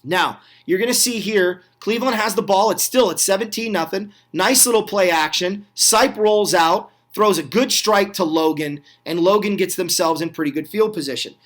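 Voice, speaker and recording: High-voiced man narrating football clips. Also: moderate pace, few pauses. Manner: excited, chatty, asks the viewer questions, with small slips and self-corrections. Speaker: host of a retro football review channel. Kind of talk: casual play-by-play voice-over on game clips.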